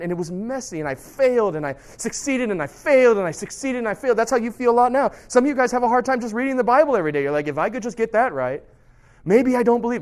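High-voiced animated man preaching. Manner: animated, lively storytelling with sudden drops to soft tones. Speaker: pastor. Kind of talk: sermon.

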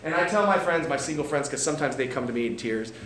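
A man's voice: medium pitch, expressive, fast talker, fairly bright tone. A young adult man preaching a sermon in a casual, conversational way, with joking asides and frequent checks of "right?". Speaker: pastor. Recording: roomy hall sound, faint background noise.

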